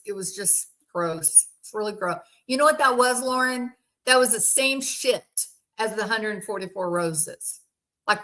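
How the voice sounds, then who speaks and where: A woman's voice: mid-range voice, a bit bright. A woman hosting casual true crime commentary, bluntly and indignantly answering viewers by name. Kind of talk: casual commentary reacting to chat.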